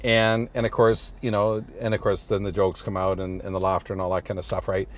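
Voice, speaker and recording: A man's voice: low voice, level tone, fairly quick. A middle-aged man, a priest, telling stories in a rambling, good-humored way with many restarts, recorded in a moving car. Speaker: priest, interview guest. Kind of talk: casual storytelling chat. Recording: road noise in a moving car.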